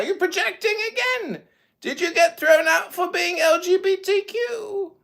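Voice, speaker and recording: A man in his forties hosting a livestream, taunting and mocking an opponent with loud, profane outbursts in a heated argument. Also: extremely high pitch, big pitch swings, measured pace, creaky. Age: 40s. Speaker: livestream host.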